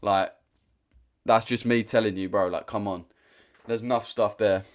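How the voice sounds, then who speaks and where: Brief: young British male streamer, low-ish pitch, blunt slangy chat, repeats himself. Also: fairly even intonation, moderate pace. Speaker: trading livestream host. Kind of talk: casual livestream chat.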